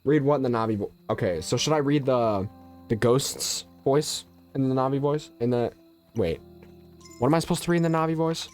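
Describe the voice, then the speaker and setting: Male game streamer, congested and nasal, mid-pitched, casual and jokey, muttering asides to chat. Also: fairly quick, a little mellow, faint music behind. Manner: chatty, loose and joking, muttering asides. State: stuffy and nasal from allergies. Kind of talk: casual live-stream chat, answering viewers.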